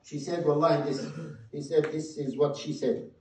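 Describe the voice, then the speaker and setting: Guy preaching a sermon, fairly high voice, big echoey hall, mic a bit far off. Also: steady tone, normal speed, slight background noise. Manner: impassioned, swings between loud and hushed. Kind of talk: sermon storytelling.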